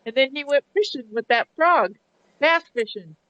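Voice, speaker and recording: A chatty middle-aged woman with a high voice tells a story on a live stream. The audio is dry and a little dull, like a low-fi stream capture. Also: animated, moderate pace, fairly bright tone, no room sound. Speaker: live-stream guest, former take-home chef. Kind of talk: casual group chat and joke telling.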